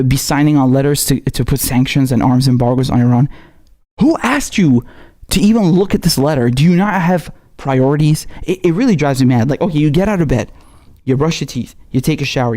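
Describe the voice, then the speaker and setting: A man with a warm, fairly high voice hosts a political commentary show. He rants in rapid-fire bursts, heated and passionate, swearing heavily throughout his impassioned political tirade.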